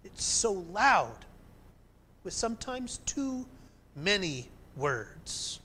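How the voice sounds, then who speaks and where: A male pastor preaching a sermon in an animated way, climbing to emphatic peaks and then dropping soft. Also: high voice, extremely slow, husky.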